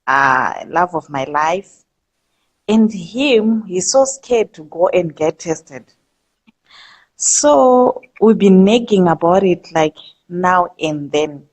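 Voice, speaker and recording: A woman calling in to a live talk show, talking hesitantly with many pauses. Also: fairly low pitch, rough recording. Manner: hesitant, halting, full of fillers. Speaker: caller. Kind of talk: live call-in.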